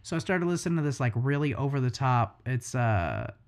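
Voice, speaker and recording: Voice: medium pitch, big pitch swings, brisk. A young adult tattoo artist in casual podcast chat, rambling and swearing freely, with wry asides.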